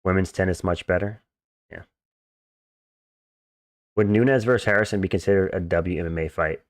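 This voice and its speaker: A man's voice: deep voice, normal speed, no room sound, studio quality. A man live-streaming fights, chatting casually, reading out chat questions and answering them bluntly with crude jokes. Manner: blunt, joking, crude and dismissive.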